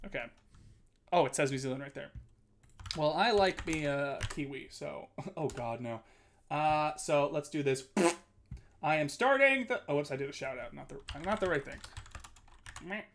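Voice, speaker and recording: A man's voice: on the high side, moderate pace, pauses often, a little hiss or hum. A man streaming, chatting casually with his viewers and reading chat aloud. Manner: chatty, reads chat aloud, animated swings.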